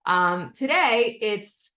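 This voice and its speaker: A woman's voice: medium pitch, drawn-out words. A middle-aged woman speaking candidly in a recovery step study. She talks casually with frequent "okay?" and "like" and swears freely. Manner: candid, animated, acts out quotes of family. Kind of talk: personal share in a recovery meeting.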